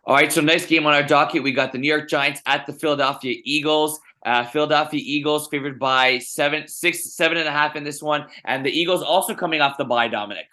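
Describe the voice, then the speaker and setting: A man's voice: fairly high pitch, fairly even intonation, fairly quick, few pauses, sharp tone. A man co-hosting a sports podcast, making game picks in casual talk, often turning to address his co-host by name amid plenty of fillers. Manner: repeats the co-host's name, many fillers.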